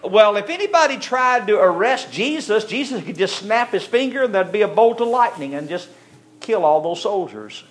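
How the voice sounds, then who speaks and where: A man's voice: high voice, animated, moderate pace. A man preaching a sermon, telling the story with feeling and acting out the characters' lines.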